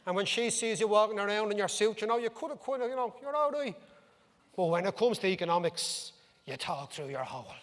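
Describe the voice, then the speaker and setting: Guy doing a cheeky cabbie, kinda high voice. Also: animated, brisk, slight background noise. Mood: mocking. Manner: blunt, teasing. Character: blunt, mocking male Dublin taxi driver. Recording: reverberant hall.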